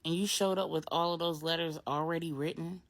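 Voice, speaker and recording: Woman doing a reflective mom talking to her best friend, low voice, earnest and searching. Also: fairly even intonation, fairly quick. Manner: earnest, soul-searching, conversational.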